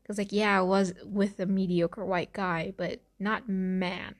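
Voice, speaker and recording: A woman's voice: medium pitch, flat delivery, unhurried. A woman hosting a casual chat, rambling and swearing freely, with laughs and restarts. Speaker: podcast host.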